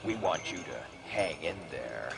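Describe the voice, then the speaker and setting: A man voicing a spooky horror-merchandise ad announcer with a slow, creepy, menacing delivery, played from an old tape. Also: very deep voice, sing-song, creaky, heavily acted. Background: music.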